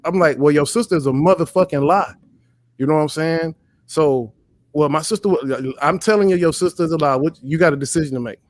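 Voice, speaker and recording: Live-stream host, male, heated and profane storyteller, slightly high voice. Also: a little fast, dry recording. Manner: profane, emphatic, storytelling rants. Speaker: livestream host. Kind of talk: heated casual commentary.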